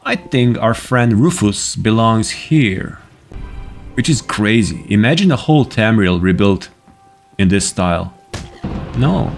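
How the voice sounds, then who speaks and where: Low-voiced man joking over gameplay. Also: lively intonation, slow pace, vocal fry, faint music behind. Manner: joking, teasing game characters. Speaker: gaming YouTuber. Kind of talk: casual gameplay commentary.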